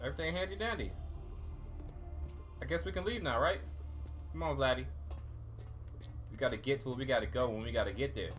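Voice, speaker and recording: A man's voice: medium pitch, fairly quick, long pauses, fairly bright tone, soft background music. A man giving casual, joking gameplay commentary as a gaming YouTuber, talking straight to his viewers.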